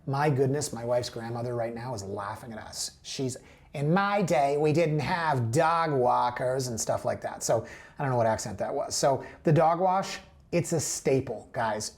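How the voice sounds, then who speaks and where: A man's voice: mid-range voice, darkish tone. A man hosting a real estate show, chatting casually through listings and drifting into playful tangents.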